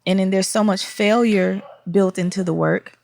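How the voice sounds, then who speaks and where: A woman's voice: mid-range voice, fairly even intonation, moderate pace, gravelly, darkish tone, no room sound. A woman speaking as a podcast guest in casual, reflective conversation, often searching for words.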